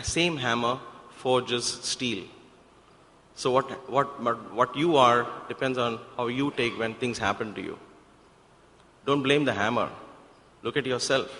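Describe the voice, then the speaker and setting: In a devotional center hall, a man with a medium-pitched, sharp-toned voice delivers a sermon-style talk. He tells a parable, driving it home with emphatic rhetorical questions, and the hall adds a long reverb.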